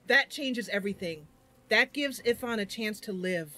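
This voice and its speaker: A woman's voice: medium pitch, lively intonation, normal speed, pushed and bright. A woman streaming a video game, thinking aloud over her moves and breaking into sudden cries when things go wrong. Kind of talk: livestream game commentary.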